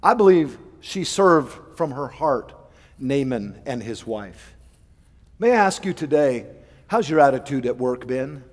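A male pastor preaching a sermon, fervent and with dramatic swings between soft and loud. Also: medium pitch, lively intonation, a little slow. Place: large church sanctuary. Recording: long church reverb.

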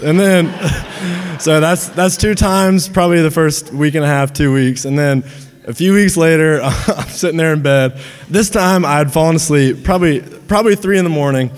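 A man in his twenties, the groom's old college roommate, delivers a humorous toast in a large hall of a dinner venue, his voice on the high side and his pace moderate. He laughs between lines, telling lively anecdotes with several restarts.

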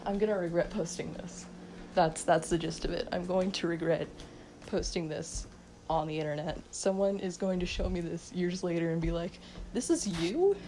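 Teen girl, slightly low voice, sleepy unscripted phone ramble, giggles a lot, faint background hiss. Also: fairly even intonation, moderate pace, dark tone, rough recording. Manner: giggly, self-mocking, mumbling. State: sleep-deprived, up all night. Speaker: vlogger. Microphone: phone mic.

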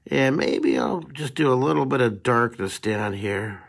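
A drawing teacher hosting a live show talks to viewers as he sketches, staying chatty and upbeat while he responds to their comments. He has a medium-pitched voice with vocal fry and speaks a little slowly.

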